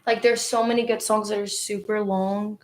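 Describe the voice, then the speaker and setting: A woman's voice: mid-range voice, level tone, normal speed. A young woman co-hosting a casual chat, bubbly and slangy, giggling often.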